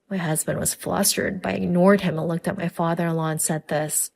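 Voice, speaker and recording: A woman telling a first-person family drama story in scripted, even narration. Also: sits low, fairly quick, gravelly, hardly any pauses.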